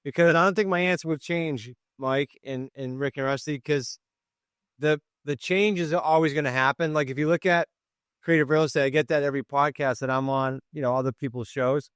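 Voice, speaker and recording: A man's voice: fairly high pitch, steady tone, a little fast, fairly bright tone, clean tone, dry recording, studio quality. A man hosting a podcast in casual chat, joking and rambling as he thinks aloud. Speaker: podcast host and coach.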